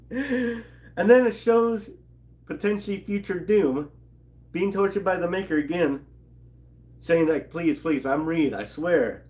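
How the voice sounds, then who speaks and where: A man's voice: a little high, darkish tone. A man casually recapping a comic book in a rambling way, reading character lines aloud and laughing along. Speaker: comic channel co-host.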